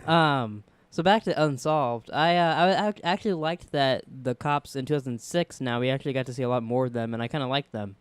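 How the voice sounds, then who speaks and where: A man's voice: medium pitch, a little fast, hardly any pauses, clean tone, no room sound. A man co-hosting a casual podcast, chatting in a rambling, jokey way. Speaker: podcast co-host. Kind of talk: casual chat.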